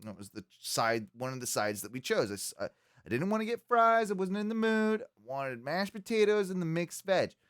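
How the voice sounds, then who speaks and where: A man's voice: high-pitched, very animated, a little fast, clean tone, no room sound, studio quality. A man co-hosting a podcast, telling stories casually and animatedly, with lots of fillers and restarts. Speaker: podcast co-host.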